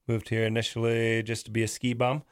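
A man from Washington State, an emergency nurse and rescue volunteer, introduces himself in a relaxed way with a few fillers. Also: mid-range voice, a little fast, smooth, no echo, studio quality. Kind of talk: interview self-introduction.

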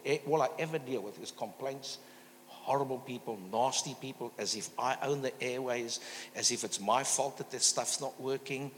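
A man's voice: mid-range voice, a bit bright. Male guest preacher, storytelling sermon, long church reverb, faint hum. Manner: storytelling preacher calling for amens. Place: church hall.

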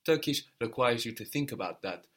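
Guy teaching a language lesson, patient, walks through it step by step, middle pitch. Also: animated, brisk. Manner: patient, explains step by step, prompts the learner.

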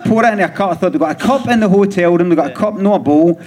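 A man's voice: high-pitched, rapid-fire, a little mellow. A Glaswegian man guesting on a live podcast, telling stories in a rambling way with restarts and dry chuckles. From Scotland. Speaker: comedian guest. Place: theatre stage before a live audience. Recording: live theatre with audience noise.

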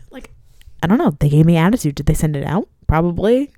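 A woman's voice: sits low, expressive, fast, mellow, no room sound, clean studio sound. A young woman who is sick and coughing, chatting casually in a sarcastic, self-mocking, rambling way. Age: young adult. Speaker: vlogger. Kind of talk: casual chat.

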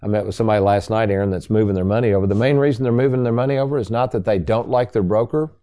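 A man's voice: lowish voice, racing, dark tone. A man hosting a radio talk show as a financial advisor, folksy and salesy, speaking to listeners as folks.

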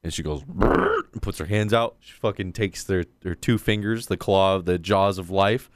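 Man, casual co-host, lower voice, lively and profane storyteller, dry sound. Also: moderate pace, dry recording. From Southern California. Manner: animated storytelling, swears a lot. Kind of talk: casual chat.

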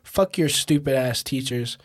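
A man's voice: medium pitch, measured pace. A teenage man hosting a podcast, joking and riffing in crude, profane banter. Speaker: podcast host. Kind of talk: casual chat.

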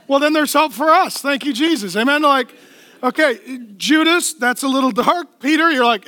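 A male pastor preaching a lively, playful sermon in a church, acting out the people in the story. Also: very high voice, moderate pace, no echo. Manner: animated, playful, acts out voices and laughs at own jokes.

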